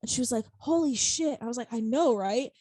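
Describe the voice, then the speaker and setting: Young female podcast co-host, fairly high voice, loose and giggly, swears casually, dry close mic. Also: animated, a little fast, warm tone, dry recording. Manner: rambling, laughs often, swears freely. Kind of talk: casual chat.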